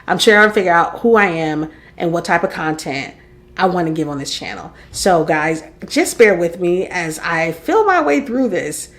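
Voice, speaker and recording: A woman's voice: fairly low pitch, expressive, normal speed. A woman in her forties talking candidly in a personal vlog, reflective and openly vulnerable, admitting she rambles as she thinks aloud. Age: 40s. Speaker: content creator and podcaster.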